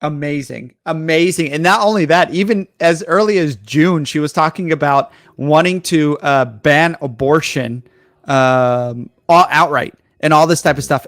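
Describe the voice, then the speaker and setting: A man's voice: fairly high pitch, no echo, clean studio sound. A male podcast co-host ranting about politics with heavy profanity. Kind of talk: crude political banter.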